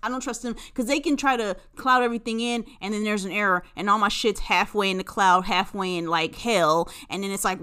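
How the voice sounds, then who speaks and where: A woman hosting a casual solo podcast, telling stories in a profane, animated way, jumping from loud outbursts to low muttering. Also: fairly quick, few pauses. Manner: profane, animated storytelling with big swings between loud bursts and low mutters. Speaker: podcast host.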